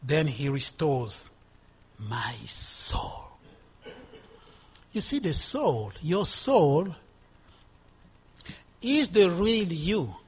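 Older male preacher, sixties, husky, slightly high voice, emphatic and repetitive. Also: big pitch swings, drawn-out words, pauses often. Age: 60s. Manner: emphatic, rising and dropping in volume, repeating for stress. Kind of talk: sermon.

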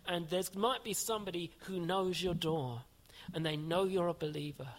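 A man preaching with an earnest, searching tone, his voice sitting a little high for a man. He poses rhetorical questions to the congregation and reads aloud from a commentary. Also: normal speed, fairly bright tone. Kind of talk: sermon.

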